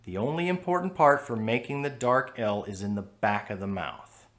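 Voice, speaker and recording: A man's voice: mid-range voice, fairly bright tone. American man teaching pronunciation patiently. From United States. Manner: demonstrates sounds, measured and patient. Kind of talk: explanatory lesson with demonstrations.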